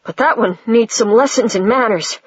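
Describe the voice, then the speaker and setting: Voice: medium pitch, normal speed, slightly rough, voice pushed up, close to an everyday voice. A reader voicing a young girl wizard in humpback whale form, talking earnestly and fiercely. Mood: shaken. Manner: earnest, pleading, turning fierce.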